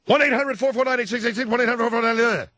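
A man playing a loud, bigoted male talk radio commentator who shouts and blusters at callers. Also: very high voice, steady tone, quick pace, no room sound. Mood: blustering. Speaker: radio show host. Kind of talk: comedic talk radio character.

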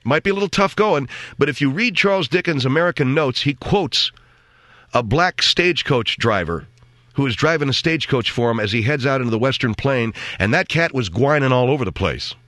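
A man's voice: mid-range voice, expressive, a little fast, a bit bright, no echo, studio quality. A man hosting a talk show, delivering a sarcastic, rambling opinion monologue.

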